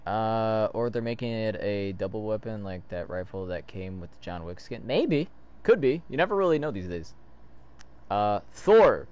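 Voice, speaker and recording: A man giving excitable, casual reaction commentary while reading a comic aloud, throwing in loud sound effects. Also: lowish voice, a little slow. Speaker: video host reading a comic.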